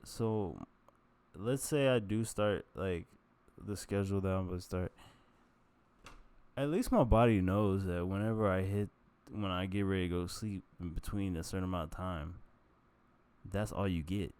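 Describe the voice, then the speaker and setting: A man's voice: deep voice, moderate pace, a little mellow, smooth. A man talking casually to his vlog audience in a candid, rambling and profane way, full of self-mockery. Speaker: vlogger.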